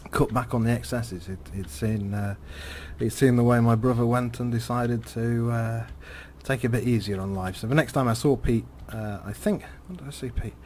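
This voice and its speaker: Man, game commentary, rambling storytelling, halting, fillers, repeated words, faint background noise. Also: medium pitch, darkish tone. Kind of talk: rambling storytelling while playing a driving game.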